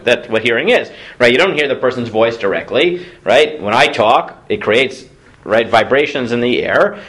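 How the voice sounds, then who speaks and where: Lively male rabbi teaching a class. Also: mid-range voice. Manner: reads Hebrew sources aloud then explains them in English, asks the class questions. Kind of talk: lecture on Jewish law.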